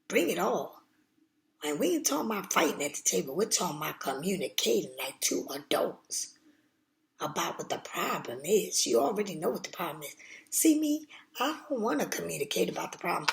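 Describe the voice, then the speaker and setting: Gravelly blunt-talking woman tarot reader. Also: mid-range voice, expressive, normal speed. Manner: blunt, streetwise, emphatic with swearing. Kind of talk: casual tarot reading.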